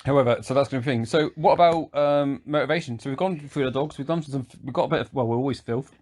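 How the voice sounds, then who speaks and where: A man's voice: medium pitch, quick pace, a little mellow. A man co-hosting a casual podcast, teasing and sweary. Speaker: podcast co-host. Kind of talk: casual chat.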